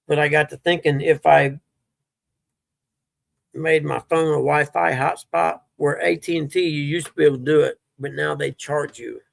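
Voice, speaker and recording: A man's voice: a little high, dry recording. A middle-aged man, telling rambling stories as a livestream host in casual chat. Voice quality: gravelly, husky. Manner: rambling, laid-back storytelling.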